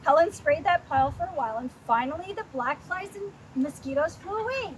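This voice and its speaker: A Canadian woman, a librarian storyteller, reading a picture book aloud outdoors with animated asides. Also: sits high, a little fast, rough recording. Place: outdoors, windy. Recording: loud outdoor wind noise.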